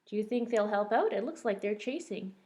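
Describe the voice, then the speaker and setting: Reading a picture book to little kids, a female teacher uses an expressive mid-range voice at a fairly quick pace, gently stopping to ask them questions along the way.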